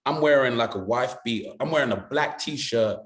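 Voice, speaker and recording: A man with a British accent, an actor guest telling an animated story in conversation. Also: medium pitch, moderate pace, reverberant. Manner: lively storyteller who slips into voices.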